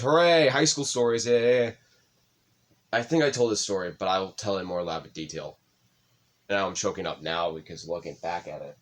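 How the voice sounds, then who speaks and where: Young man telling a story, swearing. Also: lowish voice. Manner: emotional, swears often, voice rises when excited. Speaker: podcast co-host. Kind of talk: casual storytelling chat.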